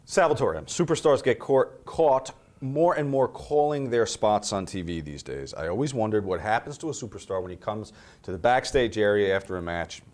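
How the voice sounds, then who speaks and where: A man's voice: fairly low pitch, moderate pace, darkish tone. A man hosting a shoot interview, reading fan questions aloud in a brash, profane, mock-dramatic way.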